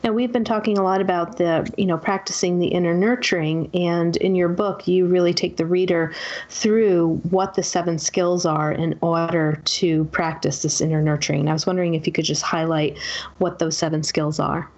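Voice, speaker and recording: Lower-voiced woman host on lo-fi audio. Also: fairly even intonation, normal speed, a little mellow. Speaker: interview host. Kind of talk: interview question.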